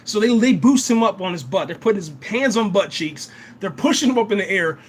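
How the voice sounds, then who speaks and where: Young man, live TV reaction host, excitable, repetitive filler words, fairly high bright voice, faint background noise. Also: brisk. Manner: excitable, repeats words and says "man" often. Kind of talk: live TV episode reaction and review.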